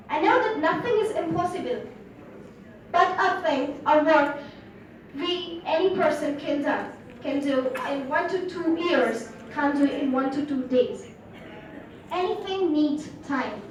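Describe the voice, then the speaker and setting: A teenage girl with an Indian English accent giving an earnest speech to an audience in a large hall, with frequent fillers. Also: very high voice. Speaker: student speaker. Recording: echoey hall from far off.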